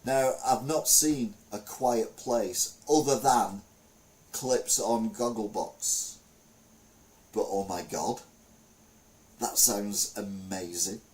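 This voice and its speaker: A man's voice: on the low side, slow pace, pauses often, darkish tone. A middle-aged man chatting casually as a show host, rambling with lots of fillers. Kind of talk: casual chat.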